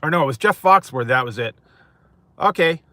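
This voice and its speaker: A man's voice: fairly high pitch, expressive, brisk, pushed and bright, no echo. A man hosting a food mukbang, chatting casually with live viewers and rambling, chuckling often. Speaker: mukbang host.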